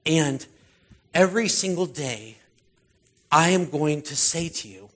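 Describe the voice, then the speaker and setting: A man's voice: on the high side, animated, slow, fairly bright tone. A middle-aged male pastor giving a sermon in a loose, conversational way, with many fillers and restarts.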